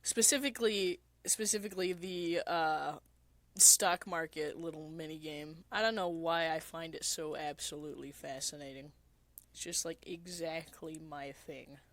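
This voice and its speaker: A woman's voice: deep voice, fairly even intonation, unhurried, fairly bright tone, no room sound. A woman streamer talking in a rambling, casual way and swearing now and then. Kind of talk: casual solo chat.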